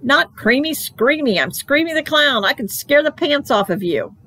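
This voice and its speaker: A woman voicing an excitable kindergarten girl in a storybook read-aloud, loud and dramatic. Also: on the high side, moderate pace, pitched above the performer's own voice, full character voice. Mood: shouting.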